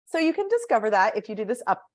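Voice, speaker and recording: A woman's voice: a little high, sing-song, fast talker, darkish tone. A woman speaking as a voice and speech coach in a podcast interview, animatedly demonstrating vocal patterns by acting them out.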